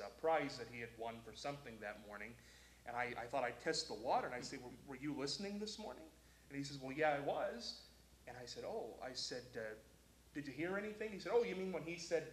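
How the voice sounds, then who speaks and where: A man's voice: mid-range voice, echoey room, slight background noise, rough recording. A man hosting a local talk show, chatting and telling stories on air. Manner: storytelling, animated. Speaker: host. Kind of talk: casual talk show chat.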